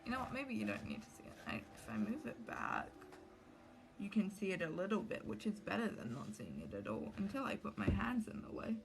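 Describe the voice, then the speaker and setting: A woman's voice: lowish voice, huge pitch swings, brisk. Anxious rambling young woman streamer. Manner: anxious, rambling, talks to chat while drawing. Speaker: livestreaming cosplay maker. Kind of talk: casual livestream chat while crafting.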